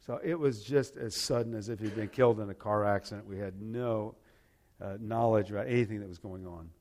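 An older man earnestly retelling a painful family story, halting and repeating words as he goes. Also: lowish voice, a little mellow. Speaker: personal testimony speaker. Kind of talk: personal storytelling.

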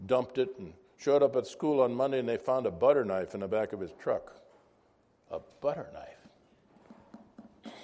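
Brief: male Bible teacher, casual and chatty, mid-pitched voice, quizzes the room. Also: dark tone. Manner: conversational, asks the class questions, wanders into asides. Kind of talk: informal Bible class teaching.

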